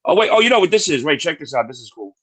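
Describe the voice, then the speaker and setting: A podcast co-host tells a long story in casual chat, rambling, repeating words and swearing freely. His voice is a little high with big pitch swings, he races along, and a crowd can be heard in the background.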